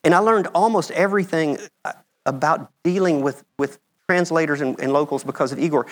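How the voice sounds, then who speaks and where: A man's voice: on the high side, brisk. Chatty American man giving a slide talk. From United States. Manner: conversational, checks in with "okay?". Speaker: medical mission speaker.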